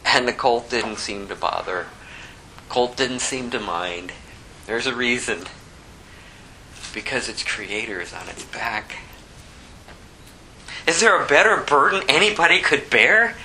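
A man's voice: a little high, bright, forceful tone, slight background noise, low-quality recording. A man preaching a sermon, reading scripture and asking the congregation rhetorical questions in a conversational way. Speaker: pastor.

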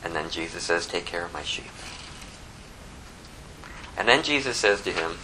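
Man preaching, bright voice. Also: low voice, normal speed, pauses often, a little hiss or hum, rough recording. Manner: animated, quotes scripture in a rising voice, prays softly. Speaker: pastor. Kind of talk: sermon with scripture reading.

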